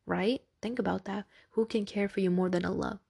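A woman's voice: mid-range voice, steady tone, a little fast, vocal fry, darkish tone, husky. A woman hosting a podcast, talking in a casual, earnest and reassuring way that often checks in with "right?". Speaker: podcast host. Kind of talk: casual religious podcast talk.

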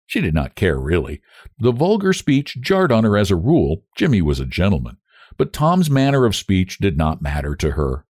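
A man reading a novel aloud in measured, expressive storytelling. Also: sits low, dry recording, clean studio sound. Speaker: audiobook narrator. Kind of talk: scripted narration of a novel.

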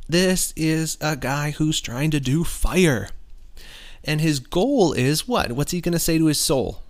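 Man explaining a bible passage casually, earnest, mid pitch, trips over words then pushes points hard. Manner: earnest, restarts often, with bursts of emphasis. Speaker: podcast host.

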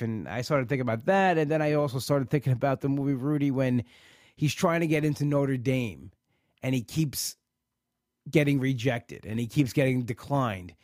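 A man hosts a live podcast in an emotional talk, sounding frustrated and rambling, often repeating himself. His mid-range, darkish voice runs a little fast, recorded at studio quality with no room sound.

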